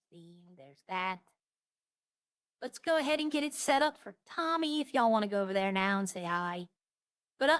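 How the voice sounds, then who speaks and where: A woman's voice: on the high side, fairly bright tone, dry recording, clean studio sound. A woman streaming a game, chatting casually with viewers and thinking aloud in a rambling way. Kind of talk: casual gameplay chat to viewers.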